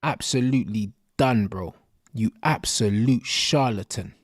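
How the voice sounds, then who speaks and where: A man's voice: fairly low pitch, a little slow, dry recording, studio quality. A man ranting angrily about his team's manager in street slang. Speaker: football fan. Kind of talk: angry post-match fan rant.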